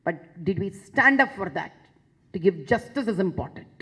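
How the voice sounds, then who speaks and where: Emphatic husky Indian woman speaker. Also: medium pitch, very animated, moderate pace, fairly bright tone, rough recording. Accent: Indian English. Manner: emphatic, repeats phrases for force. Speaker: public speaker addressing a session. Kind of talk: impassioned public talk.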